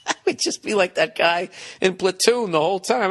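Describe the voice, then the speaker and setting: A man's voice: high voice, moderate pace, a bit bright. A man, ranting profanely and incredulously in a casual comedic monologue. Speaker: podcast host.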